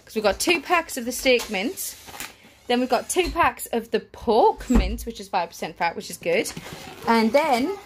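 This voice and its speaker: A pregnant, breathless young woman runs a family vlog, chatting through a grocery haul while correcting herself and laughing easily. Her voice is a little high, expressive and unhurried, with slight background noise.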